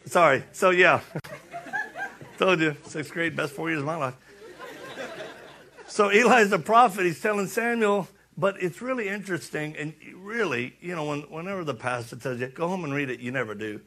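Gravelly folksy preacher. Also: male voice, fairly high pitch, normal speed, bright, forceful tone, some chatter behind, slight background noise. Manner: folksy, joking asides, acts out dialogue. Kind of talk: casual sermon.

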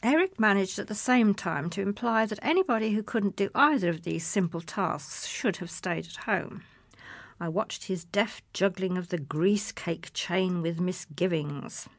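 A woman's voice: mid-range voice, measured pace, no room sound. A woman reading a humorous personal essay aloud in a wry, self-mocking manner. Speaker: essay reader.

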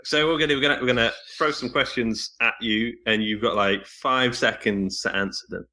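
A man co-hosting a podcast, thanking his guest and running a quickfire round. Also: medium pitch, sharp tone. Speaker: podcast co-host. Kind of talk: casual interview chat.

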